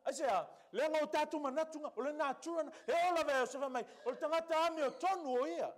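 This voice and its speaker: Man, Samoan accent, pastor, church sermon, high voice, emphatic rhetorical questions. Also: rapid-fire.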